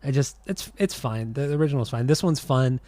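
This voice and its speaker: A man co-hosting a music podcast in easy, relaxed chat, teasing his partner and laughing often. His voice sits in a middle range. The sound is dry and close-miked. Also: mid-range voice, a little fast, no echo. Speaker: podcast co-host. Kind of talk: casual chat about music.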